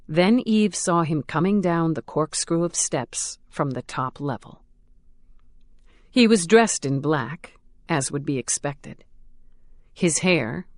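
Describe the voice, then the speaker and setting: A woman giving a measured, steady audiobook narration of a crime thriller. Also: lowish voice, no echo, clean studio sound. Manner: measured, steady, dramatic storytelling.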